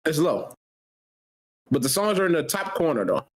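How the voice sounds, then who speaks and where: A man's voice: a little high, very animated, normal speed. A man guesting on a casual chat, joking around in loose slang with playful sing-song asides.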